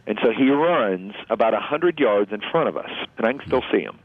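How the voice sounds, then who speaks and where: Earnest, halting male storyteller, fairly low voice, dry tinny phone sound. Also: lively intonation, no room sound. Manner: halting, earnest, emotional retelling. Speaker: interview guest. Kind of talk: personal storytelling. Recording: phone-like narrow line, dry.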